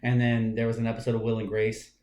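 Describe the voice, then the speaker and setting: A man's voice: mid-range voice, completely flat delivery, fast talker, a little mellow. A man co-hosting a podcast, talking casually and animatedly, swearing and teasing his co-host. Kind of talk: casual chat. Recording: echoey room.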